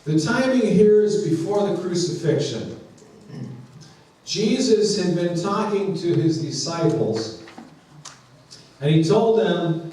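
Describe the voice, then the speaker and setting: A man's voice: high-pitched, expressive, takes it slowly, long pauses, warm tone. A man preaching a sermon as pastor, talking conversationally and acting out dialogue with playful humor, recorded from a distance in a church sanctuary. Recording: echoey church from a distant mic.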